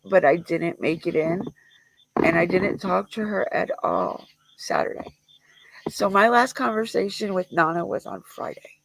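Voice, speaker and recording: Grieving streamer with a gravelly voice. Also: medium pitch, fairly bright tone, rough recording. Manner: halting, rambling, with many fillers and restarts. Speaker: livestreamer. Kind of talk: emotional memorial livestream talk.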